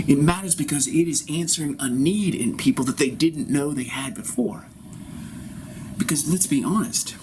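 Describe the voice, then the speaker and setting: A grown man performing an improvised theatrical monologue in character, rambling and swinging between loud bursts and soft whispers. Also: a little high, background noise. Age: adult.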